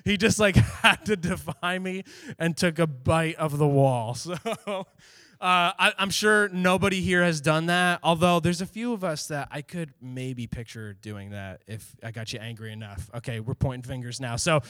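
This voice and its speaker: High-voiced animated young pastor. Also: male voice, no room sound, studio quality. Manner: animated, acts out quotes. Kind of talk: casual storytelling sermon.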